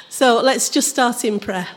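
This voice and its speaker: Hoarse woman, church prayer leader, warm cheerful delivery. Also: fairly high pitch. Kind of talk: leading prayer and reading scripture.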